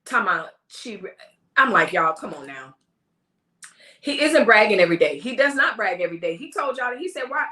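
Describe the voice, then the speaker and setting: An animated woman chats with her viewers on a casual live stream, mimicking the people she talks about. Her voice is bright and forward. It echoes in a home room. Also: on the high side, fast. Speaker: host of a live talk stream.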